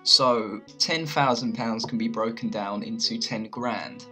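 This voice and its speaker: Chatty young London man, bright voice. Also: fairly low pitch. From England. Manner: chatty, loose, with many "like"s and restarts. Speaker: video host teaching slang. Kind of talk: casual explainer to camera.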